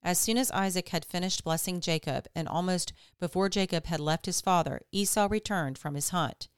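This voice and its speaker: A woman hosting a podcast, reading scripture aloud in a steady, measured way. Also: on the low side, clear, resonant tone, no echo, clean studio sound. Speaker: podcast host.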